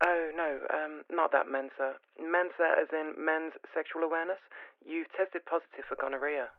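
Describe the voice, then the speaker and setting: A man doing a prim high woman caller. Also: fairly even intonation, moderate pace, no echo. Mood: polite. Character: woman caller from a society, falsetto. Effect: phone line. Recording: tinny phone line.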